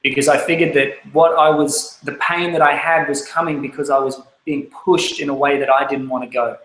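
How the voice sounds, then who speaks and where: A man in his thirties with an Australian accent telling his life story, candid and lively as he acts out his younger self. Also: on the high side, fairly quick, roomy sound, rough recording. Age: 30s. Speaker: speaker. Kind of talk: personal life story talk.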